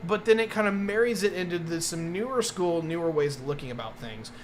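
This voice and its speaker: A man's voice: high-pitched, lively intonation, fast talker, hardly any pauses, slight background noise. A man rambling through a casual live-stream review, with many fillers and restarts.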